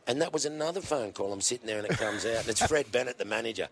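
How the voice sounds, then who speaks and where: An Australian man in his sixties, a guest telling lively stories with laughter in his voice. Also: medium pitch, racing, a little hiss or hum. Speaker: guest, former fast bowler. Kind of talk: anecdotal storytelling.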